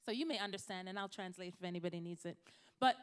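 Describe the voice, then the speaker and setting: A woman's voice: lowish voice, quick pace, clear, resonant tone, long reverb tail. A woman from Jamaica, a physician giving a conversational health talk to a church congregation, addressing the audience directly. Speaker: physician speaker.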